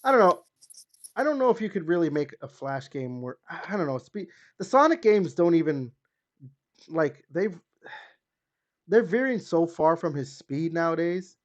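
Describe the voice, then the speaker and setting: A man hosts a gaming podcast in a casual, chatty way, hedging a lot and filling his speech with fillers. His sing-song voice moves at a moderate pace, rising and dropping in pitch. The recording has a slightly dull, lo-fi sound.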